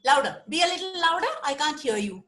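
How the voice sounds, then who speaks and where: Animated woman storyteller, lively high voice. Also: quick pace. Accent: Indian English. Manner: animated, asks the children questions. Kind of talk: children's storytelling on a video call. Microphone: video call.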